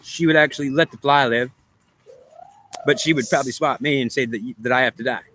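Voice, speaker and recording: Man with a bright, forceful voice, rambling. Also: medium pitch, fairly quick, a little hiss or hum. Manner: repetitive, circling back on his own points; argues with himself in questions and answers. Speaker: spiritual speaker. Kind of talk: rambling spiritual monologue.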